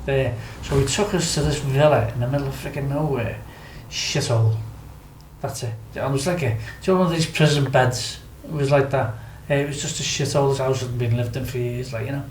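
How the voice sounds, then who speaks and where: A man's voice: medium pitch, a little fast, echoey room, slight background noise, rough recording. A Scouse man from Liverpool telling a wild story as a podcast guest, laughing often, swearing freely and acting out what people said. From Liverpool, England. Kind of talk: casual anecdote telling.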